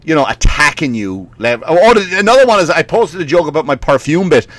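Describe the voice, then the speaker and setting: Profane Irish comedian, bright tone. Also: male voice, on the high side, big pitch swings, brisk, dry recording. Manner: profane, rambling, laughing at his own story. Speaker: stand-up comedian. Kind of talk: comedic rant.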